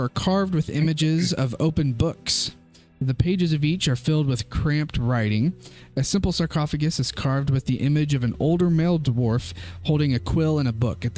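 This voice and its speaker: Young man narrating as game master. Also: fairly high pitch. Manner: relaxed, chuckling, halting with fillers.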